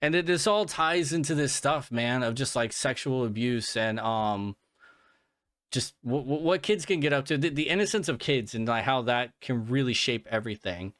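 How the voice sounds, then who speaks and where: A man's voice: medium pitch, lively intonation, normal speed, a bit bright, dry recording, studio quality. A man hosting a solo podcast while sick and worn out, rambling and swearing with many restarts and fillers. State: sick and fatigued, yawning. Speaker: podcast host. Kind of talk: casual solo podcast monologue.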